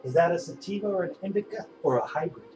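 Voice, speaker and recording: A man's voice: high-pitched, animated, fast, background noise. A middle-aged man hosting a casual painting livestream, rambling in a laid-back way with lots of "man" and "dude" and plenty of swearing. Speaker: livestream host. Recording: music playing behind the voice.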